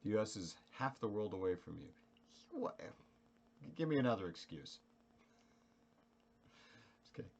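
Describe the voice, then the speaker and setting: A man chatting casually with viewers on a live stream, animated, joking and mocking himself. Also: lowish voice, normal speed, vocal fry, pauses often, breathy edge.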